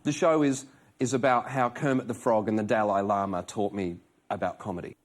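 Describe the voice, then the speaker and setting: A man's voice: lowish voice, fairly even intonation, fairly quick. A man, a comedian and talk show guest, telling self-deprecating stories and acting out the people in them. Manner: chatty, self-deprecating, acts out voices in stories. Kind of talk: animated chat show storytelling.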